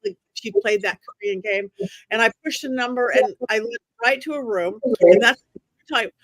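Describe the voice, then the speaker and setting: A woman guest, a medium, telling her story in an animated way and acting out the voices of the people in it. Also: on the high side, moderate pace, no echo. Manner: expressive, acts out quoted voices.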